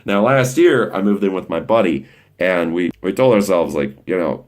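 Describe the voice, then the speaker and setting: Young male vlogger with a very low voice, talking off the cuff: rambling, blunt and full of swearing. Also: lively intonation, moderate pace, a little mellow. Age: young adult. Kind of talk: casual profane monologue.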